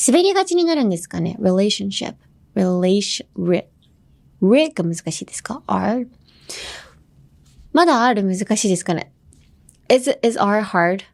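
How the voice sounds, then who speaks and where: Woman, podcast English teacher, playful and teasing, bilingual asides. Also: fairly high pitch. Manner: playful, teasing, laughs often; switches between English and Japanese.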